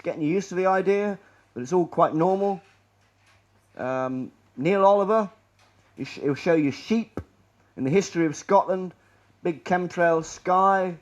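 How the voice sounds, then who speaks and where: A man's voice: high voice, highs cut off. Sardonic man giving a rambling talk. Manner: rambling, sardonic, trails off quietly. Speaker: presenter. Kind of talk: public presentation. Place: lecture room.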